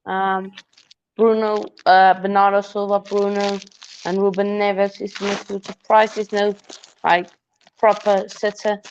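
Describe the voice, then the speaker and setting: Slow, playful woman heckling. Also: mid-range voice, level tone, a little hiss or hum. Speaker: co-host. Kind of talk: casual live commentary chat. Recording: muffled lo-fi mic.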